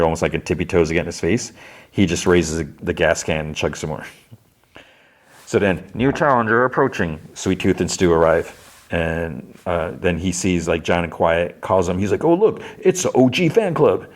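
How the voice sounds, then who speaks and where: Podcast host, male, very low voice, loose rambling retelling. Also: flat delivery, normal speed. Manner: rambling, loose delivery full of "like" and restarts. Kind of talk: casual spoken recap.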